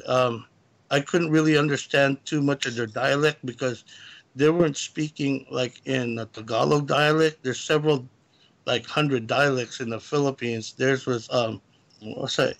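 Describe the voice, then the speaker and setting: A man with a gravelly, creaky voice calls in to tell his story. He rambles and backtracks, in a casual, halting way. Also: mid-range voice. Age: adult, lived in California. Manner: rambling, halting retelling of a personal encounter. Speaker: guest caller.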